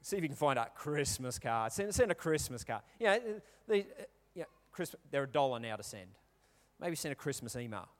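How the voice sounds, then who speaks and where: A pastor in his thirties with an Australian accent gives a chatty sermon packed with stories and questions for the congregation. His medium-pitched voice is very animated and fairly quick, echoing through a reverberant hall.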